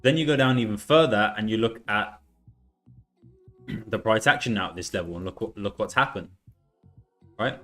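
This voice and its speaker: A man's voice: on the low side, moderate pace, pauses often, fairly bright tone, faint music behind. A young man hosting a live trading stream, chatting casually and walking through charts, with a sore throat that makes him slur a bit. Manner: loose and chatty, says "right?" and "man" a lot, slurs a bit. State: sore throat, sucking a lozenge. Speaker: livestream trading host.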